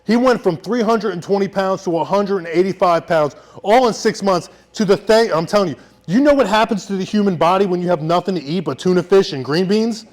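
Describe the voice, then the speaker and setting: A man's voice: sits high, a little fast. Intense man telling a war-veteran story. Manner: intense, swings between shouting and hushed. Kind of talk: live personal storytelling.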